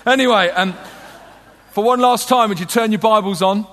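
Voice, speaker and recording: A man's voice: high-pitched, normal speed, fairly bright tone. A middle-aged British man preaching a sermon, conversational and humorous, telling stories to a crowd. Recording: long hall reverb.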